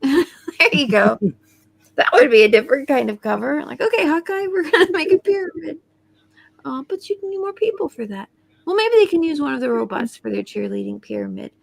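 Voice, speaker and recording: A woman's voice: high-pitched, huge pitch swings, fairly quick, vocal fry. A woman on a casual comics panel who is hesitant and jokey and chats with a lot of fillers.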